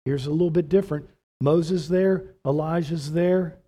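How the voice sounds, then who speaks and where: A man's voice: fairly high pitch, breathy edge. A man preaching a sermon as pastor, asking rhetorical questions and building to emphatic points. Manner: animated preaching with rhetorical questions, slow measured delivery.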